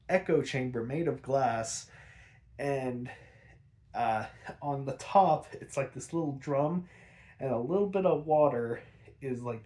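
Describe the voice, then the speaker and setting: A podcast host with a mid-range, darkish voice casually recaps cartoon episodes, laced with sarcasm, frequent laughter, and swearing.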